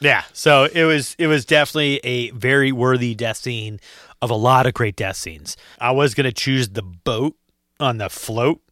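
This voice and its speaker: A man from Massachusetts co-hosting a podcast, chatting casually in quick, animated rants with some swearing. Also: medium pitch, no echo, studio quality. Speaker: podcast co-host.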